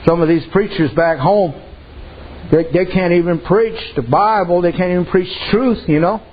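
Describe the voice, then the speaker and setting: A man with a high voice preaches, spinning plain-spoken stories and tossing in amens and "you know" as he goes. The recording is muffled, with a faint hum of room noise underneath. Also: normal speed. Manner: folksy storytelling, frequent amens and "you know". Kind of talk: sermon.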